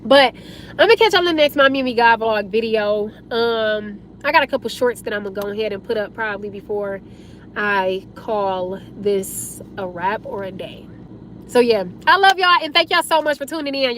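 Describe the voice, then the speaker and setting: A young woman vlogger talking casually to her viewers, her voice raspy and going hoarse, emotional and chatty, calling them y'all. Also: a little high, expressive, moderate pace, a bit bright, slight background noise. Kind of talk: casual storytime talk to viewers.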